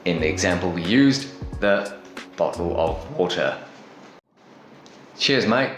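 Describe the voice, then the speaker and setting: A man calmly explaining ways to ask someone to repeat themselves, in an English lesson. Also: deep voice. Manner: calm, explanatory, measured. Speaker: English teacher. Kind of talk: instructional lesson. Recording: echoey room with faint music.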